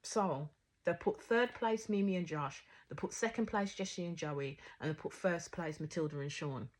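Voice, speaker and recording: Woman reviewer, husky, low-pitched, outspoken chat. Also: moderate pace. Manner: outspoken, swears freely, animated retelling. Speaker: reality show reviewer. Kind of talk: casual reaction commentary.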